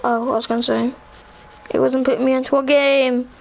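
A young woman chatting casually while playing an online game with friends, excitable and squealing at tense moments. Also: sits high, fairly quick, creaky, a little hiss or hum, low-quality recording. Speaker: gamer streaming with friends. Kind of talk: casual gaming chat.

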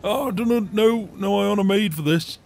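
A man voicing a gruff, beer-loving older farmer in game roleplay banter, swearing often and chuckling. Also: high-pitched, brisk, a little mellow. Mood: jovial.

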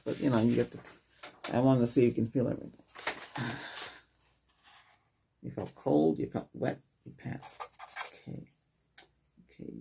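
A man role-plays a doctor in a whisper, speaking gently near the microphone and asking brief check-in questions. His voice is mid-range and creaky, with slight background noise.

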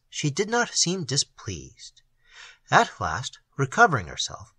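A man narrating a classic novel as an audiobook, in a measured and expressive literary reading. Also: mid-range voice, slightly rough, no room sound.

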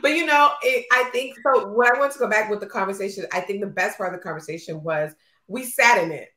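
A woman's voice: mid-range voice, quick pace, sharp tone, roomy sound. A woman co-hosting a podcast, talking candidly and emotionally about a friendship, often acting out what was said. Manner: candid, emotional, acts out quotes. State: postpartum. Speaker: podcast co-host. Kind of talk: casual chat.

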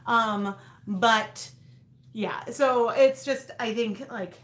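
A woman's voice: fairly high pitch, very slow, a bit bright. A woman in her thirties hosting a casual craft livestream, rambling with lots of fillers and restarts. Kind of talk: casual live chat. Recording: echoey room.

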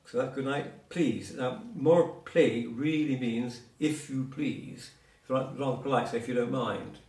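A man teaches one learner Cornish words in an informal lesson, explaining patiently through asides and examples. His mid-range voice is steady, a little slow, and slightly mellow, heard from a distance in a roomy recording.

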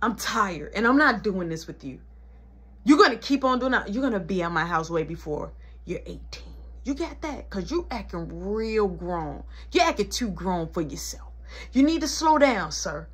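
A woman's voice: a little high, pitched below the performer's own voice. Woman doing a furious scolding mom. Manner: scolding, sarcastic, rapid threats. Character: stern scolding mother of a teenage son.

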